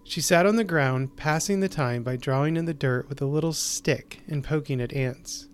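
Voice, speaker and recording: A male host narrates a short story in a measured, deliberate reading, slowing down on key phrases. His voice sits a little above the usual male pitch, clear and even.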